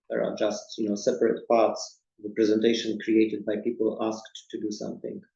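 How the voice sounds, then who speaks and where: Gravelly man answering webinar questions. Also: fairly low pitch, a little mellow. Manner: thoughtful, repeats words at starts. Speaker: presentation designer. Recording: roomy, dull lo-fi sound.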